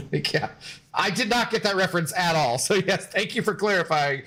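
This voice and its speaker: A man's voice: sits high, animated, normal speed, fairly bright tone. A man streaming a game and chatting loosely with viewers, laughing often and swearing casually.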